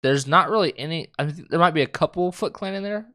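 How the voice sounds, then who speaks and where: A young man co-hosting a casual chat, retelling scenes in a profane, animated way with acted-out quotes. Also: on the high side, quick pace. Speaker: co-host.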